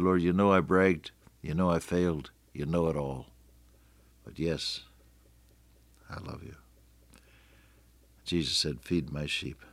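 An older man preaching a radio sermon, earnest, often slowing and dropping to a near-whisper for emphasis. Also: low-pitched, no room sound.

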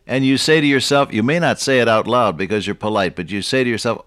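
A man giving a Bible sermon in a relaxed, talky way, turning to his listeners with questions like "isn't that true?" and chuckling at his own stories. His voice sits at an ordinary male pitch, recorded close and dry with no room sound. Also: fast, hardly any pauses, no room sound. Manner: conversational, asks listeners rhetorical questions. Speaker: preacher.

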